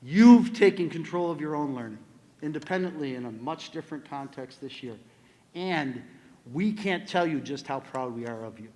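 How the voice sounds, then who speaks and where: A man's voice: fairly high pitch, lively intonation, moderate pace, dark tone. An older man, a school administrator, giving a ceremony speech to honor students in a large hall, telling a family story.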